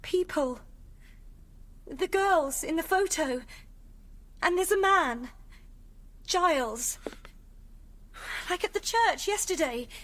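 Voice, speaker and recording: Young woman, anxious and pleading, very high pitch, played by an actress. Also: expressive, slow pace, pauses often, a bit bright, full character voice. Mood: frightened. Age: young adult. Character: frightened young woman, Jenny. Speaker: daughter. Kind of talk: audio drama acting.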